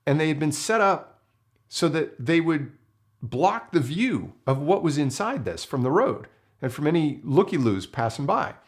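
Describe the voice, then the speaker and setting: A filmmaker telling a story to camera in an animated way and acting out the people in it. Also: male voice, fairly high pitch, a little slow.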